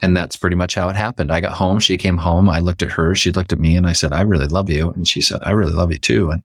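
A man from Canada, a podcast guest, telling a personal story in a lively way and acting out the lines he quotes. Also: fast, no echo, studio quality. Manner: animated, acts out quoted lines with pitch jumps.

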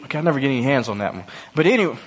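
A man preaching a sermon, telling a personal story and acting out the dialogue, then dropping low and slow for the serious parts. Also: sing-song, breathy edge. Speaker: pastor.

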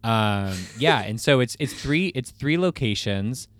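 A man's voice: medium pitch, lively intonation, unhurried, no echo. A man co-hosting a podcast in casual, rambling chat full of fillers. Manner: rambling, laid-back, lots of fillers. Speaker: podcast co-host.

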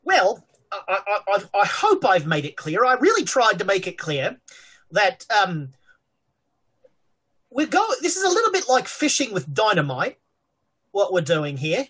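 A woman's voice: mid-range voice, sing-song, unhurried, fairly bright tone, slightly rough, full character voice. A woman doing an offhand male sorcerer. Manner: rambling, casual, nonchalant about gore. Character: odd, offhand male sorcerer who talks casually.

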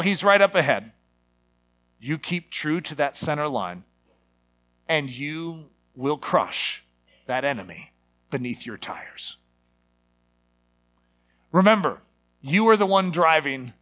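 A man's voice: on the high side, sharp tone. A man preaching a sermon, moving from a personal story to emphatic exhortation.

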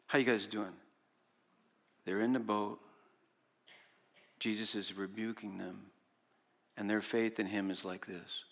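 A man preaching a sermon, animated, swinging from loud exclamations to quiet explanations and acting out the disciples' voices. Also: on the low side, moderate pace, long pauses. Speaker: pastor.

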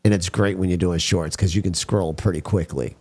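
A man's voice: low-pitched, steady tone, normal speed, darkish tone, husky. A man hosting a talk show, ranting bluntly and crudely and often calling out to his listeners as folks. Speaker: podcast host. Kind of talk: casual talk show banter and rant.

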